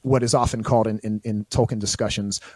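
A man's voice: lowish voice, steady tone, quick pace, a little mellow, dry recording. Eager man explaining with lots of fillers. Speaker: podcast guest. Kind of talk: casual discussion.

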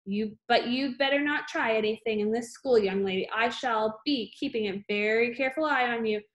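A woman's voice: on the high side, moderate pace, natural voice. Woman doing the Trunchbull, a bullying headmistress. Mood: threatening. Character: bullying huge female headmistress, harsh and scornful.

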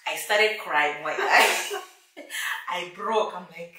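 A woman in her thirties telling her story as an interview guest, animated and laughing often, acting out the voices she quotes. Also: lowish voice, slow pace. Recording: echoey room, mic at a distance.

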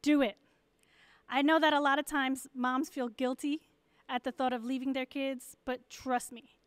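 Bright, clear-voiced woman speaking to moms. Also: sits high, level tone, moderate pace, no room sound. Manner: warm, candid and encouraging. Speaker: pastor's wife. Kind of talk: church message.

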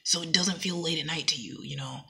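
A woman vlogger talking casually to camera, rambling and animated, now and then dropping into a whisper. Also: deep voice, brisk, vocal fry, breathy edge. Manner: rambling and animated, acting out quoted dialogue; drops into whispers at times.

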